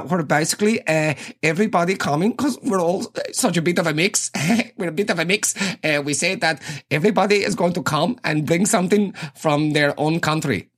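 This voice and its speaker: A man's voice: fairly high pitch, natural voice. A man voicing a chirpy young Swiss woman student who hesitates a lot, in a comedy bit. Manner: hesitant, peppered with uhs.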